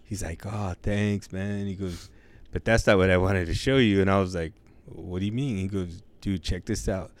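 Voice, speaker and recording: A man's voice: deep voice, fairly even intonation. A young man telling a long crude joke in casual, profane slang, drawing out his words. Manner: profane, drawn-out slangy delivery. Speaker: joke teller.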